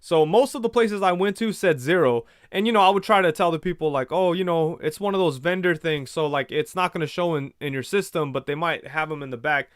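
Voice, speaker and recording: A man's voice: on the high side, fairly quick, hardly any pauses, smooth, no echo, studio quality. A man hosting a casual livestream, reading viewer comments and telling rambling stories with quoted back-and-forth. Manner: rambling storyteller, retells conversations in quoted voices. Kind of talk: casual chat.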